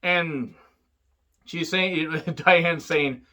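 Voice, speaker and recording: A man with a fairly high, bright, forceful voice talks through a film review in a loose, offhand way. He rambles, swears freely, drops wisecracks and fills the gaps with "you know" and "uh". When he acts out the characters' lines, his pitch jumps up. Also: extremely slow. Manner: rambling and profane, with many fillers and wisecracks. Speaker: movie reviewer. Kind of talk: casual spoken film recap.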